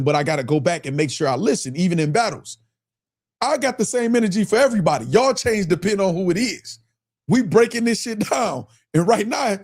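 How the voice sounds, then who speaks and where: Animated Michigan man hosting a live stream. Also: high-pitched. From Michigan, US Midwest. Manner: animated, keeps repeating his questions, reads chat aloud, laughs often. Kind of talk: casual live-stream commentary.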